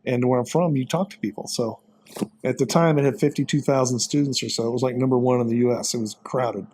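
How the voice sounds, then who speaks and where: A man's voice: mid-range voice, steady tone, quick pace, noisy background. A man, a guest telling folksy, rambling stories in a casual conversation. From Texas. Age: 50s. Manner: rambling, folksy storytelling with many fillers. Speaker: interview guest.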